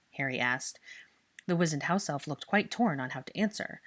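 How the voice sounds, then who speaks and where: Woman narrator, low voice, steady storybook reading, expressive. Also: moderate pace. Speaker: fan fiction reader.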